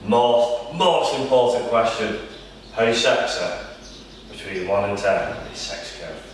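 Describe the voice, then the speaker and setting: A man's voice: on the low side, animated, takes it slowly. A man asking brief, joking interview questions to a wrestler. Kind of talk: casual interview. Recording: echoey room from far off.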